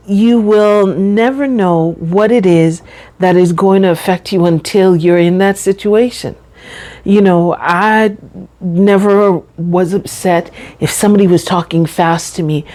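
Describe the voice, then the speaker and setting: Slow, deliberate woman vlogger. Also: mid-range voice, a little mellow. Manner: slow, deliberate, carefully enunciated; chatty, says y'all and you know. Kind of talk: personal vlog talk.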